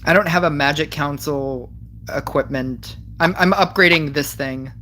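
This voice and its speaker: A woman's voice: low voice, normal speed, a bit bright, a little hiss or hum. A woman giving casual gameplay commentary, thinking aloud as she plays and often correcting herself. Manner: thinking aloud, frequent restarts and self-corrections. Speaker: mobile game player.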